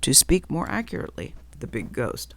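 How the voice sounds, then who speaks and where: A woman reading a story aloud in whispered role-play, slow and hushed. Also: extremely low pitch, wildly swooping pitch, creaky, no room sound. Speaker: audiobook reader.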